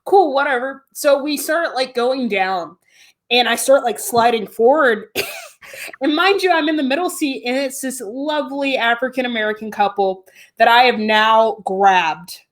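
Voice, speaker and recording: A woman guest with a somewhat high voice tells a story in a loose, animated way. She piles on fillers and breaks into laughter as she goes. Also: moderate pace. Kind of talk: casual storytelling.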